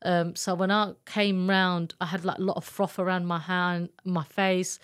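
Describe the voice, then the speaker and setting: A woman speaks as an interview guest, recounting her own experience in a candid, earnest way. Her voice sits on the lower side, and she often pauses, restarts and searches for words. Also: level tone, clean tone. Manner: candid, earnest, halting retelling. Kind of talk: emotional personal testimony in an interview.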